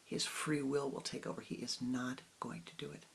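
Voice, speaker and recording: A woman spiritual teacher telling a parable in a calm, soft-spoken way that often drops close to a whisper. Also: rumbling low, moderate pace, creaky, rough recording. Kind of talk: storytelling sermon.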